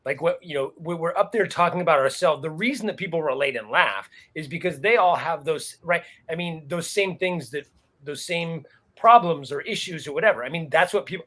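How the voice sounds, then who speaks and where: A man hosting a comedy panel, talking in rambling stretches and quoting people in quick bursts. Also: a little high, bright, forceful tone. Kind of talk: casual panel discussion.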